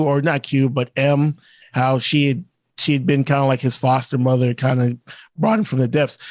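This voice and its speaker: A man's voice: mid-range voice, no room sound, studio quality. A man co-hosting a podcast, talking in a rambling, emphatic way with some swearing. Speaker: podcast co-host. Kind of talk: casual chat.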